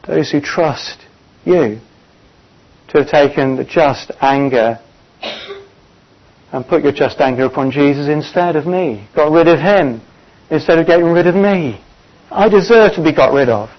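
A man preaching a sermon, earnest and often pausing on "uh" as he gathers his thoughts. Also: on the high side. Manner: earnest, pausing with frequent "uh" fillers. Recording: dull lo-fi recording.

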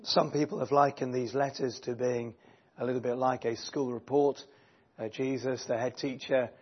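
A man gives a church sermon while his voice is giving out. He speaks at a middling pitch, hesitates often with fillers, and is heard through a dull, lo-fi church recording. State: losing his voice, clearing throat. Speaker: preacher.

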